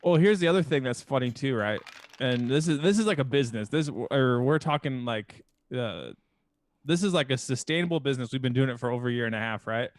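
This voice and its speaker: A podcast co-host chats casually and easily, repeating "yeah" constantly and recounting stories with quoted lines. His mid-range voice is lively and a little quick, with no room sound.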